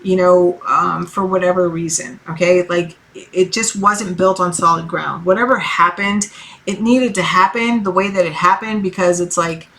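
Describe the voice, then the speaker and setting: A woman's voice: on the low side, fairly even intonation, normal speed, fairly bright tone. Profane, chatty woman tarot reader. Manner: loose and profane, heavy fillers, encouraging. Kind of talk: casual tarot reading monologue.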